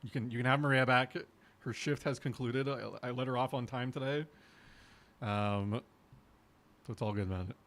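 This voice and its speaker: A young man chatting casually on a live stream, laid-back and excitable, laughing easily. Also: medium pitch, normal speed, long pauses.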